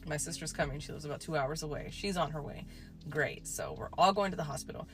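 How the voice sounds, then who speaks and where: A woman with a fairly low voice tells a spooky personal story. She speaks in a loose, conversational way, full of fillers and swearing, with soft music playing faintly behind her. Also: lively intonation, fast. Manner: chatty, peppered with "like" and swearing. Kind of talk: casual storytime.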